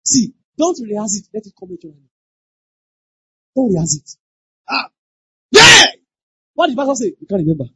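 A pastor preaching a sermon, emphatic, repeating lines and breaking into shouted exclamations. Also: medium pitch, big pitch swings, fast talker, long pauses, no echo. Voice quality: very husky. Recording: dull lo-fi dry recording.

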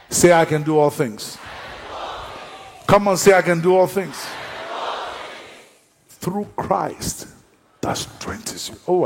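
A man preaching a sermon at a church service. His delivery swings between shouted calls and low, drawn-out phrases. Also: husky. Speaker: pastor. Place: church service with a seated congregation. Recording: long echo of a large hall.

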